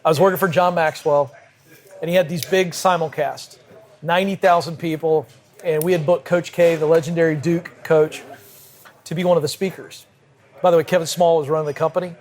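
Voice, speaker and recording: A man, a podcast guest, telling a vivid personal anecdote in brisk conversational style at a cigar lounge. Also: on the high side, fairly even intonation. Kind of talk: animated storytelling in conversation. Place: cigar lounge with a group present.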